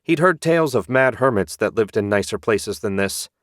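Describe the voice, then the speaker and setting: A man with a lowish voice narrates a fantasy audiobook in a measured, even storytelling style. The studio sound is clean, with no echo.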